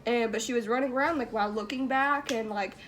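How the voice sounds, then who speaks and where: A woman's voice: on the high side, fast, fairly bright tone. A young woman hosting a vlog, casually telling a spooky story with lots of "like" fillers and giggles. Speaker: vlog host.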